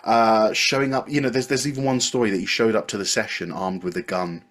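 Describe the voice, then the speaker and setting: Brief: a lower-voiced male podcast co-host, chatty and anecdotal, checking his notes as he goes. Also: steady tone, brisk, fairly bright tone. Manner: anecdotal, reads from notes, chatty with frequent fillers and restarts. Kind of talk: casual chat.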